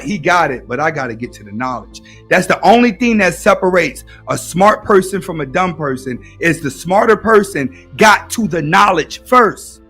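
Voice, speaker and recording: A man's voice: sits high, a bit bright. A young man in a casual, preachy monologue, giving advice and repeating his points. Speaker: YouTube commentator.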